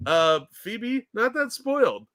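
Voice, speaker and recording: Man, co-host, bright voice, lively pitch, animated anecdotes, swearing. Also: takes it slowly. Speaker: podcast co-host. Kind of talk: casual chat.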